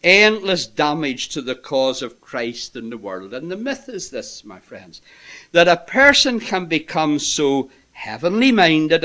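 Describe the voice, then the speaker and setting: Slow, bright-voiced preacher man. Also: on the high side. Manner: impassioned, swinging between loud emphasis and hushed asides. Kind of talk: sermon.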